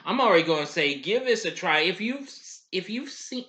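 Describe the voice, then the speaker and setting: A man's voice: high voice, expressive, moderate pace, sharp tone. A man hosting a casual spoken review of an old cartoon, rambling along with many "well" and "anyway" asides and frequent chuckles.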